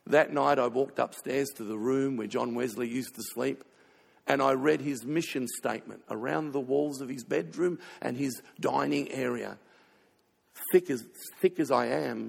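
A man pastor preaching a sermon, telling stories with sudden swings between loud passages and hushed ones. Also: medium pitch, unhurried, vocal fry, slightly rough. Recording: reverberant hall.

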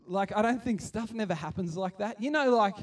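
A man giving a chatty, animated sermon and acting out the scenes he tells. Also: high-pitched, brisk, distant mic. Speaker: preacher. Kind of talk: casual sermon.

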